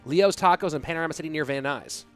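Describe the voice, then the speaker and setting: Male caster, slightly high voice, excitable play-by-play mixed with loose chat, faint music underneath. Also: quick pace. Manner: excitable on big plays, rambling and relaxed when reading chat. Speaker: esports caster. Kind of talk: play-by-play commentary with chat banter.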